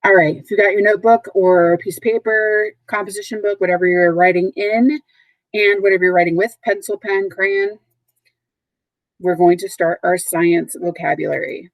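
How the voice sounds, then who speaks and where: A patient woman teacher walks through a recorded vocabulary lesson at a middle pitch. She speaks clearly and repeats each word slowly. The sound is close and dry, with no room around it. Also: steady tone, no echo, rough recording. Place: at home, dogs nearby.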